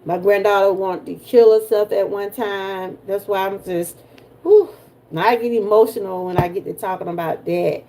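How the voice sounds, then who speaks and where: A woman's voice: mid-range voice, fairly even intonation, moderate pace, few pauses, warm tone. An older woman with a Southern US accent, from Georgia, hosting a casual livestream chat and talking straight to her viewers in a folksy way. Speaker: livestream host.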